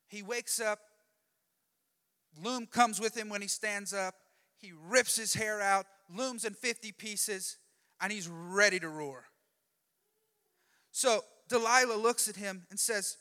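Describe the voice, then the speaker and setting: A lively preacher with a high, bright, forceful voice, telling a story in a conversational, jokey way. His words ring out with a long hall reverb behind them. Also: slow, long pauses, smooth. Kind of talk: sermon storytelling.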